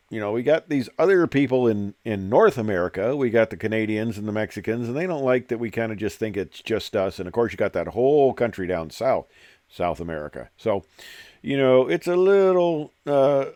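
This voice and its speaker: A man's voice: fairly low pitch, darkish tone, no echo. An older man, a retired airline pilot, telling jokes and stories in a casual, digressive monologue with plenty of fillers. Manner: joking, digressive storyteller with many fillers.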